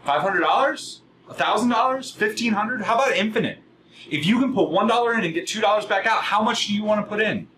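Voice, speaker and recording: A middle-aged man giving a passionate, fast-talking sales workshop, firing questions at a live audience in a room. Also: sits high, expressive, pushed and bright, slight background noise, poor audio.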